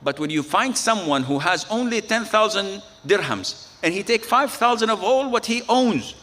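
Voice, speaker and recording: Male preacher, bright and fairly high voice, storytelling sermon at an Islamic center. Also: animated, moderate pace. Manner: storytelling with quoted dialogue, frequent Arabic phrases.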